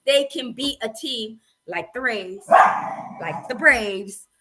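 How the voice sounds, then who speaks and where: A woman's voice: on the high side, lively intonation, heavy background noise. A woman co-hosting a casual podcast chat, giving careful, hedged opinions. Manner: measured, hedging opinions. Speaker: podcast co-host.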